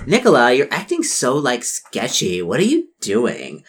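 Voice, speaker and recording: A woman's voice: rumbling low, big pitch swings, unhurried, a bit bright, full character voice. A woman voicing a haughty popular teenage girl who talks brashly and indignantly. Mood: snooty.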